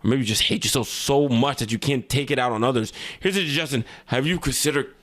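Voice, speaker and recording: A man doing an obsessive soft-spoken girl. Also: medium pitch, quick pace, voice pushed down, natural voice. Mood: cold. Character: obsessive, intense, soft-spoken young woman. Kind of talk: reading game dialogue aloud. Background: game music.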